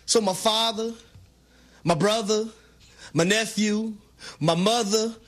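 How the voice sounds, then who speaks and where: A man co-hosting sports talk radio, joking in an animated, preacher-like exhortation. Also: high-pitched, slow.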